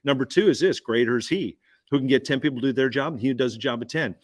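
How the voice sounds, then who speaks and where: A man giving an energetic business pitch at a roundtable, punchy and repetitive, firing questions at the listener. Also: very fast. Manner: punchy, repeats key phrases, asks listener questions. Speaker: guest speaker.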